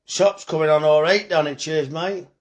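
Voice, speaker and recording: A man's voice: fairly high pitch, fairly even intonation, normal speed, muffled recording. A tired man, chatting bluntly and joking with swearing while reading comments on a live phone stream about his butcher's shop.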